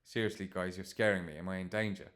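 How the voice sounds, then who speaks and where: An eager young woman reporting from a starship, voiced by a man. She talks in a chatty, slightly nervous way, and the voice stays fairly low. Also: fairly even intonation, fast talker, a bit bright.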